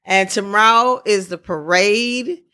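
A podcast host from the Midwest, chatting casually in an excitable, rambling, celebratory way. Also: medium pitch, takes it slowly.

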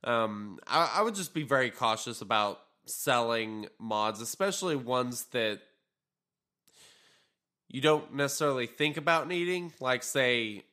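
A man with a bright, forward voice talks over a mobile game in loose podcast chat. He rambles a little, leans on ums and uhs, and sounds tired and yawny. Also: medium pitch, unhurried. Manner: relaxed, rambling, frequent fillers. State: tired, yawning. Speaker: podcast co-host. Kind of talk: casual gaming podcast chat.

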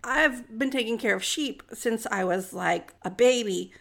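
A woman's voice: a little high, a little slow, creaky, fairly bright tone, heavily acted. A woman voicing a bold young shepherd boy who boasts defiantly in a storytelling retelling.

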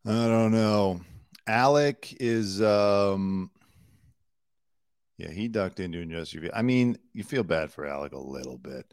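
A man's voice: lowish voice, lively intonation, unhurried, a little mellow, clear, resonant tone, no room sound, studio quality. A man hosting a casual celebrity news show, talking bluntly and sarcastically and swearing now and then.

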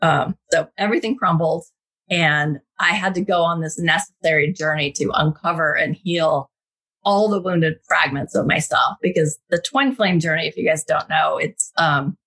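A woman in her thirties, a guest telling a personal spiritual story in an animated, casual way. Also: low-pitched, moderate pace, husky.

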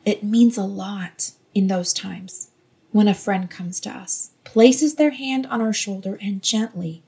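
Gentle, breathy woman teaching scripture. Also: mid-range voice, slow pace. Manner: earnest, gently encouraging. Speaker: Bible teacher. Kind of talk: devotional Bible teaching.

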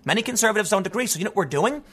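Male commentator, high bright voice, combative and emphatic rant. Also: lively intonation, rapid-fire, breathy edge. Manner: emphatic, combative, casual asides like "man". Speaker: political commentator. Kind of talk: ranting commentary.

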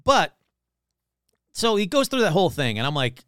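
A man spins a comic story in a loose, rambling way, leaning on "like" and correcting himself as he goes. His voice sits a little high and leaps around in pitch. The recording is dry and close. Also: big pitch swings, normal speed, long pauses, fairly bright tone, clean tone, no room sound. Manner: rambling, full of "like" and self-corrections.

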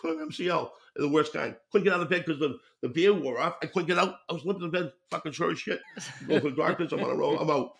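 A man's voice: a little high, fast, creaky, fairly bright tone. An older man, a former hockey player telling rowdy locker-room stories on a podcast, swearing freely and laughing through them. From Boston area. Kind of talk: casual storytelling.

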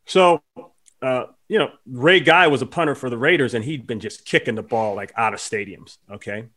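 A man's voice: medium pitch, moderate pace. A man hosting a casual sports chat, telling stories with lots of fillers. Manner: animated storyteller with lots of fillers. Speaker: podcast host.

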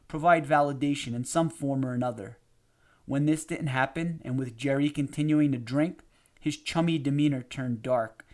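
A man narrating a memoir audiobook in a measured, steady reading. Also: medium pitch.

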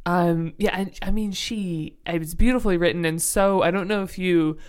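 A woman's voice: fairly low pitch, steady tone, normal speed, a little mellow, smooth. A young adult woman co-hosting a book podcast, talking casually and thoughtfully, searching for words with many fillers.

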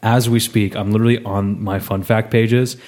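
A man's voice: fairly low pitch, moderate pace. A young man co-hosting a comedic true crime podcast, joking and laughing as he tells the case. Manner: jokey, laughing, animated delivery with silly voices. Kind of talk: comedic casual podcast banter.

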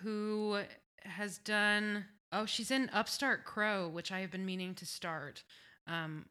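Bright-voiced chatty woman podcast host. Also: medium pitch, steady tone, takes it slowly, clean tone. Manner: chatty, swearing, bursts of laughter and singing. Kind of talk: casual chat recap.

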